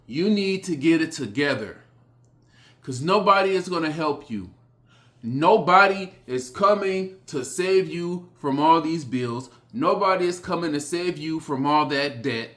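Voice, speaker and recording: A man giving a blunt motivational speech, repeating short phrases with sudden forceful rises. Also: on the high side, expressive. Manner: blunt, repetitive, hammering phrases; slow, emphatic delivery with sudden loud rises. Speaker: motivational speaker.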